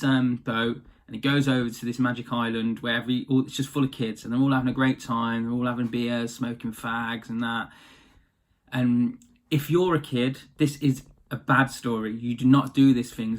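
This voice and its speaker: A man's voice: medium pitch, fairly even intonation, moderate pace. A man casually retelling a fairy tale, chatty and slangy. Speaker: storyteller.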